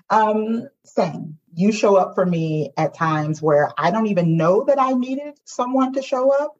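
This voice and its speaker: Woman guest, husky and expressive, on a slightly muffled recording. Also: medium pitch, a little slow, few pauses. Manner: emotional, expressive, talks to listeners directly. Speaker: podcast guest, poet and singer. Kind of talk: heartfelt conversation.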